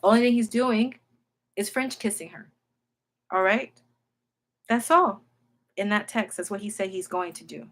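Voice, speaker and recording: A woman's voice: medium pitch, unhurried, long pauses. A woman giving an informal Bible teaching in an emphatic way, often checking in with her listeners. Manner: emphatic, keeps checking in with "okay?" and "all right?".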